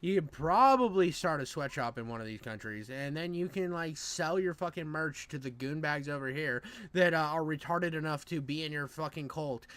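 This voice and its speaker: A man from the United States ranting as co-host on a commentary show, loud and profane, rambling with many restarts. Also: a little high, moderate pace, hardly any pauses, clear, resonant tone.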